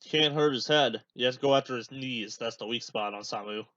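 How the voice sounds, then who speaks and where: A man's voice: mid-range voice, fairly quick, fairly bright tone, dry recording. Young guy podcaster rambling over a match, dry dull home mic. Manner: rambling, many fillers, chatty asides. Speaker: podcast host. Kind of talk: casual watch-along commentary.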